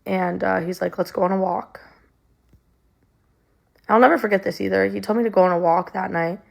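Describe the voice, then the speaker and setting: A woman's voice: medium pitch, steady tone, moderate pace, vocal fry. A young woman telling a personal story in a conversational way, with many ums and likes, her voice sounding emotional and near tears.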